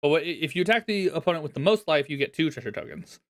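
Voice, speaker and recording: A man's voice: fairly high pitch, expressive, fast. A man chatting casually on a live stream as he reviews viewers' decks, laughing often and poking fun at himself.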